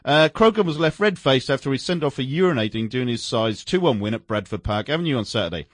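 A man's voice: mid-range voice, fast talker, no room sound, clean studio sound. A man co-hosting a sports radio show, chatting casually and reading out news stories with amusement. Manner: animated, laughs while reading stories aloud.

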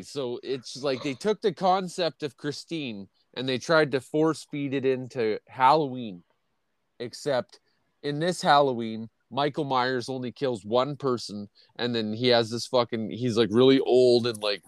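A man's voice: mid-range voice, no echo. Male podcast host, profane rambling chat, dry close mic. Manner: rambling, heavy swearing, ranting.

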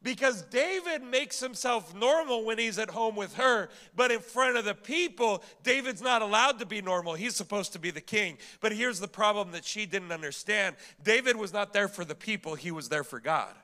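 A man's voice: high-pitched, lively intonation, normal speed, few pauses, bright, forceful tone. A male pastor preaching a sermon, emphatic, asking the congregation rhetorical questions and repeating words as he builds each point.

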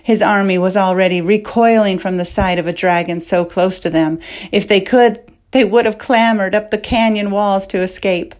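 A woman narrating a fantasy audiobook chapter with measured, dramatic storytelling. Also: medium pitch, fairly even intonation, darkish tone. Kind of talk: scripted narration.

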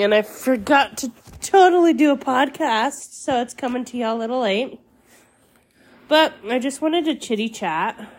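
A young woman hosting her own podcast, chatting casually and rambling with fillers, sounding a little congested. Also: on the high side. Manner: slow, rambling, with many fillers and laughs. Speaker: podcast host. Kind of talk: casual solo podcast chat.

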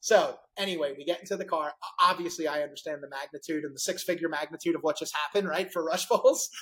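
A middle-aged male podcast host in a relaxed conversation. He tells his story with animated energy and throws himself into every quoted line. The delivery stays conversational and loose throughout. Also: on the high side, fast, slight background noise, low-quality recording. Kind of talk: casual interview storytelling.

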